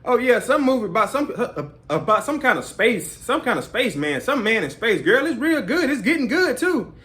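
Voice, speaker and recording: A man's voice: very animated, normal speed, full character voice. A man doing a gossipy chatty mother on the phone. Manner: loud, high, laughing phone chatter.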